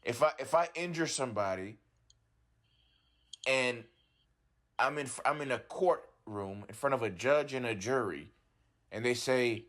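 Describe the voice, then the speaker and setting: A man telling his troubles in a therapy session, halting and repeating himself as he restarts his sentences. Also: medium pitch, fairly bright tone. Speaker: client in a talk therapy session. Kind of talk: agitated personal account.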